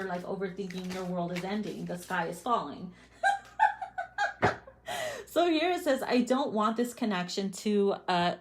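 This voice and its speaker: A woman giving a casual tarot reading, swearing freely and laughing often. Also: mid-range voice. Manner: profane, bubbly, laughs often. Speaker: tarot reader.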